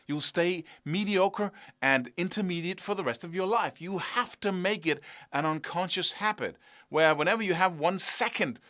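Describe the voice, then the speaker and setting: A man's voice: on the high side, bright, forceful tone. A man teaching an online guitar lesson, enthusiastic and encouraging, often checking in with "right?" and "you know".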